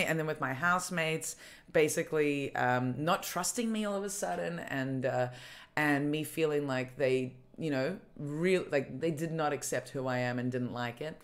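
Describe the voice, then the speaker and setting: Young female podcast host, low-pitched, halting and filler-heavy, casual chat. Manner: halting, lots of fillers and restarts. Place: apartment.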